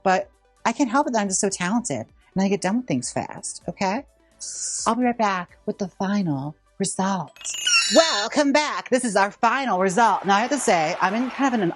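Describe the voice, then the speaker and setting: A man's voice: high-pitched, dry recording. A drag queen host chatting campily and sassily while styling a wig in a casual vlog. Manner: campy, sassy, animated chatter.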